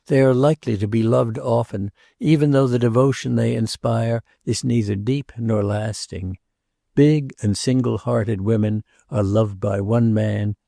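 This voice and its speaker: A man reading a novel aloud as an audiobook narrator, in a measured, unhurried way. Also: mid-range voice, vocal fry, mellow, dry recording, studio quality. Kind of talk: scripted narration.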